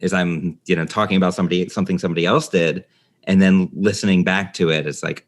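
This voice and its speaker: A man's voice: deep voice, fairly even intonation, fast talker. A man hosting a podcast in casual chat, thinking aloud and jumping between points. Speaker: podcast host.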